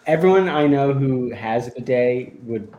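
A man's voice: medium pitch, animated, moderate pace, warm tone, highs cut off. A man speaking as a guest on a radio talk show, telling light stories in a playful way with frequent laughter. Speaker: guest editor. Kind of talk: casual radio chat.

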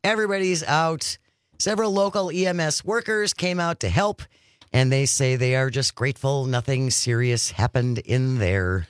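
A man's voice: mid-range voice, normal speed, smooth, no echo, clean studio sound. A man hosting a radio show, recapping a news story and chatting with his co-host. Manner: chatty, reads stories then riffs. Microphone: studio microphone.

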